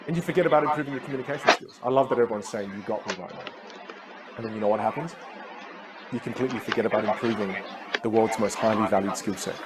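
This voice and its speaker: A man speaks fast and animatedly to a large audience, acting out people's inner thoughts with sudden leaps in pitch. His voice sits a little high for a man. A loud, reacting crowd and heavy ambient noise fill the recording. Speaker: communication coach. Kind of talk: live seminar talk.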